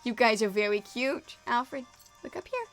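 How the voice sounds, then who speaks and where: This quilting streamer, with a mixed American-Canadian accent, works in her home sewing studio while chatting casually, her attention wandering between chat and her dogs. She speaks at normal speed in a fairly high, lively voice, with faint music in the background.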